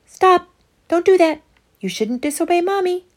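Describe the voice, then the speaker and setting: A woman voicing a stern inner voice of conscience in a storybook reading, loud and urgently scolding. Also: low voice, little pitch movement, unhurried.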